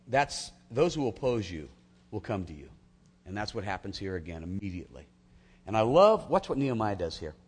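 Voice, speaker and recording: A man preaching a sermon to his congregation, telling a biblical story with energy and acting out the characters' voices. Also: lowish voice. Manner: animated, acts out voices of biblical figures. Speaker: pastor.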